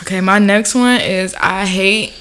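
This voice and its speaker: A young woman chatting casually as a co-host, animated, laughing often and swearing freely. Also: medium pitch, measured pace, clean tone. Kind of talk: casual chat.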